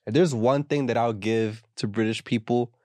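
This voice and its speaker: A man's voice: medium pitch, steady tone, normal speed, mellow, no echo. A young American man in casual chat, ranting and joking with a lot of slang.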